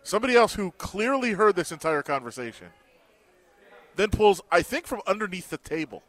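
A man in a casual sports talk show, spinning a story with lively swings in pitch. He acts out each person he quotes and keeps the talk loose and chatty. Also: fairly quick. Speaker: sports radio co-host.

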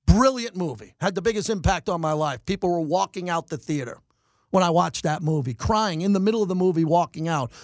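A middle-aged man hosting sports talk radio, ranting in animated bursts and mocking his critics. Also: sits high, no echo, studio quality. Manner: animated, rants and mocks in quick bursts. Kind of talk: fired-up sports talk monologue.

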